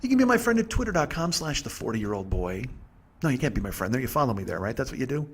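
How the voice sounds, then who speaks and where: A man in his forties hosting a comedy podcast, telling a rambling, profane, exasperated story in a husky voice. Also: medium pitch, very animated, fast talker. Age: 40s. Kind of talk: storytelling monologue.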